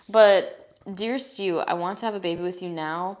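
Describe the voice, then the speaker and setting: Casual low-voiced woman reading tarot. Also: measured pace. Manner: casual and blunt, with frequent swearing; reads card messages aloud in a steady voice. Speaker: tarot reader. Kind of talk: live-streamed tarot reading, casual chat.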